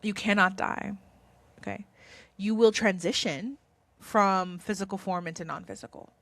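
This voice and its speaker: A tearful woman vlogger talks to camera about spirituality, earnest and reassuring but rambling. Her mid-range voice is creaky and fairly bright, at a moderate pace, with no echo.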